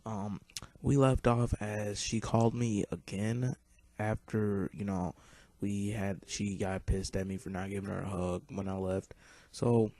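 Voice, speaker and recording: A man's voice: on the low side, fairly even intonation, unhurried, warm tone, no room sound. A young man vlogging, telling a personal story in a rambling way with lots of fillers and swearing. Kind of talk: casual storytelling monologue.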